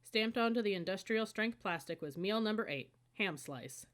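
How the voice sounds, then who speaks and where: A woman narrating an audiobook in a steady, even storytelling manner. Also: medium pitch, normal speed. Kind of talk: scripted narration.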